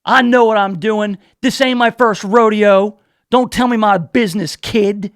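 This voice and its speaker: Man putting on a stubborn old truck owner, curt and dismissive, high-pitched delivery. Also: fairly even intonation, measured pace, a bit bright, clean tone, dry recording, studio quality.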